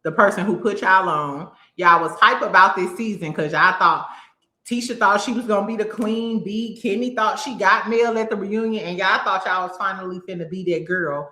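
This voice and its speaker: A woman hosting a casual reality TV commentary, blunt and sassy, cursing freely and mocking people with quick impressions. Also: medium pitch, pushed and bright, roomy sound.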